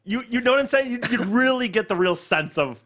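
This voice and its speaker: A man's voice: very high-pitched, expressive, a little fast, fairly bright tone. A man co-hosting a podcast in casual chat, rambling and hedging with frequent laughter. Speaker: podcast co-host.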